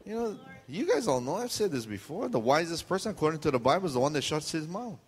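A man pastor preaching to his congregation in a loose, joking way, playing out what people are thinking in their heads. His voice sits a little high for a man. A long church-hall reverb trails after his words. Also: very animated, quick pace, husky. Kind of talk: sermon. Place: church sanctuary.

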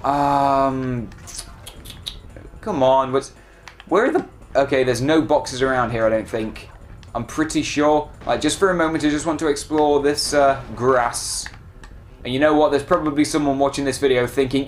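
A man giving casual, excitable commentary while playing a video game and talking back to it. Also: medium pitch, moderate pace. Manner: chatty, excitable, self-deprecating, talks to the game. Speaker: let's play gamer.

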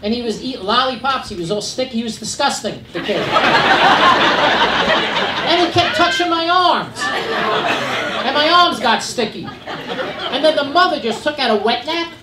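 A man's voice: extremely high pitch, expressive, normal speed, long pauses. A middle-aged man performing a stand-up comedy set on a club stage, telling stories in a dry, conversational way with asides to the audience. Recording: roomy live club recording from a distance, loud crowd and noise. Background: loud audience laughter.

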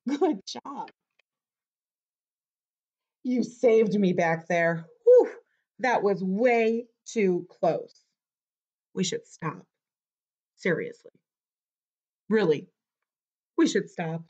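A woman's voice: mid-range voice, lively intonation, drawn-out words, long pauses, a little mellow, dull audio, full character voice. A woman voicing a bossy, playful male book character who exclaims and coaxes the listener into actions. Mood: eager.

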